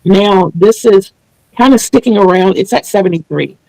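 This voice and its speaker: Gravelly woman host, earnest chatty interview talk, dry close sound. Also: mid-range voice, moderate pace, darkish tone, dry recording, poor audio. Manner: earnest, explains at length with small restarts. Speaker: channel host interviewing a guest. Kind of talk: casual video interview chat.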